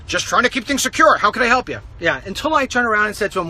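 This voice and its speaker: A man talking in a walk-and-talk vlog monologue, animated and ranting, acting out the voices of people he quotes. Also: very high voice, quick pace, husky. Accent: New York. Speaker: political commentator and show host. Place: outdoors on a city street.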